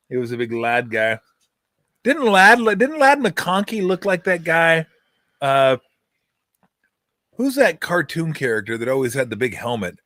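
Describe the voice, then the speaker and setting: A middle-aged man hosts a sports talk show, spinning jokey stories and animated retellings in casual chat. His voice is a little high and a little slow, with frequent pauses. The recording is dry and comes through a streaming call mic.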